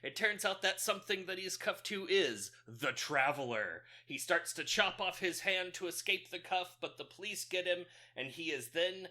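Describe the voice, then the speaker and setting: A man's voice: sits high, animated, moderate pace, few pauses, bright, forceful tone. A man co-hosting a podcast, casually recapping a movie plot in a rambling way with loose fillers and frequent chuckles. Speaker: podcast co-host.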